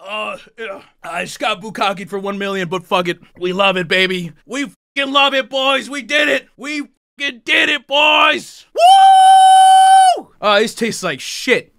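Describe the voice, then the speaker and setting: A young adult man live streaming, talking loudly and excitedly with lots of swearing and frequent shouts. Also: sits high, normal speed, vocal fry, dry recording, studio quality. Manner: loud, profane and jubilant, often shouting.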